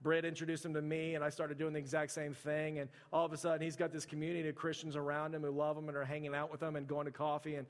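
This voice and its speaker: A man preaching to his congregation with a somewhat high voice. He tells stories casually and fills his sentences with "like." His voice rings out with a long reverb from a big hall. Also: completely flat delivery, fast talker, hardly any pauses. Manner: conversational storytelling, heavy use of "like". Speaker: pastor. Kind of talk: sermon.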